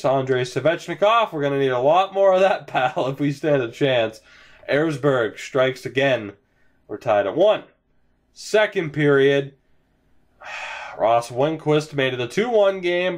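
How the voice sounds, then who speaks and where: A young man casually commentating his hockey video game franchise at home, sighing, yawning and sounding resigned as his team loses. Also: fairly high pitch. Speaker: gaming commentator. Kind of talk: casual let's-play commentary.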